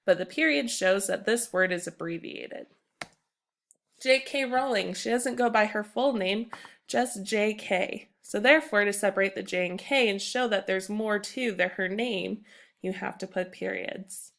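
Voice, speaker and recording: Young woman, teacher, recorded grammar lesson, upbeat and emphatic, bright tone, vocal fry. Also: medium pitch, unhurried. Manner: upbeat, emphatic classroom delivery, reads examples aloud.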